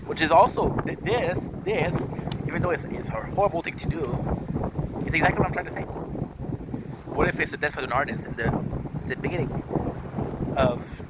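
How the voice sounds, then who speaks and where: A man's voice: fairly high pitch, a little fast, pauses often. Frustrated vlogger man, heavy wind noise. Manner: frustrated, searching, repeats himself. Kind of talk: rambling vlog monologue to camera. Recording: loud wind and boat noise outdoors.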